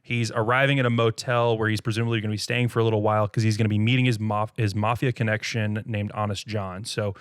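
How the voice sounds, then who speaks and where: A man co-hosting a casual movie-review podcast, retelling scenes in an animated way and laughing often. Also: lowish voice, fast, few pauses, clean tone, no echo, clean studio sound. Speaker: podcast co-host.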